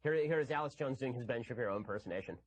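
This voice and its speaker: Rapid-fire argumentative male commentator. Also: mid-range voice, muffled recording. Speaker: political commentator. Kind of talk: commentary monologue.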